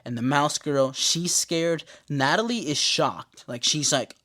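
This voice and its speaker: In no particular hurry, a male podcast host delivers a casual recap, joking and swearing in slangy language and sometimes breaking into loud, high-pitched exclamations.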